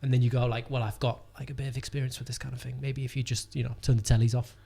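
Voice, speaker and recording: A man's voice: mid-range voice, little pitch movement, rapid-fire, vocal fry, warm tone, breathy edge. A young man, telling a rambling, sweary comedy-gig story in casual podcast chat. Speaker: comedian guest.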